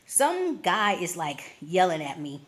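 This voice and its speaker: Lively woman telling a story with sound effects. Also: on the low side, a little slow. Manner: animated, acts out scenes with sound effects and voices; slangy and expressive. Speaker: travel vlogger. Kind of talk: casual storytelling.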